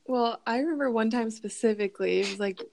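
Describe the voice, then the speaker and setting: A young woman in her twenties, co-hosting a podcast and chatting in a relaxed way, telling stories. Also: on the high side, quick pace, creaky. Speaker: podcast co-host. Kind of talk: casual chat.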